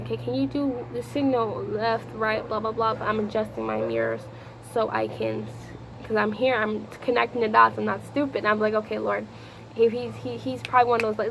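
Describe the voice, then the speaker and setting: Raspy-voiced woman vlogger, rambling. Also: fairly high pitch, background noise. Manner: rambling, repeats herself, talks to the Lord aloud. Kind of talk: casual storytelling vlog.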